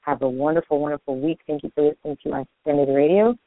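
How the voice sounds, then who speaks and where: A man hosts a spiritual call-in radio show, talking quickly and earnestly off the top of his head. His voice sits a little high and comes through a narrow, tinny phone-like line with a dry, close sound. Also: fairly even intonation, no echo. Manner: fast, improvised, earnest. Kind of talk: spiritual talk monologue.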